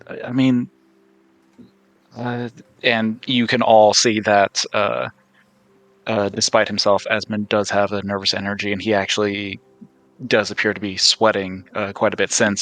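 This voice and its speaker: A man's voice: on the low side, level tone, a little slow, fairly bright tone, no echo, poor audio. A man describing his character in a tabletop game, hesitant and full of restarts. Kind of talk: casual role-play narration.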